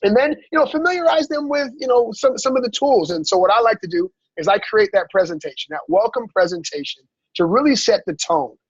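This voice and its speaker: High-voiced, husky man coaching his team. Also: fairly quick, dry recording. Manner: energetic, repeats "right?" often, acts out dialogue. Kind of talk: motivational training talk. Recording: dull lo-fi sound.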